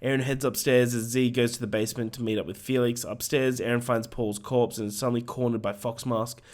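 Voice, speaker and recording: Hoarse male podcast co-host, mid-pitched, rambling casual film recap full of ums. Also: flat delivery, brisk. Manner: recaps plot with frequent ums and swearing asides. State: hoarse, voice going. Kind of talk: casual chat, plot recap.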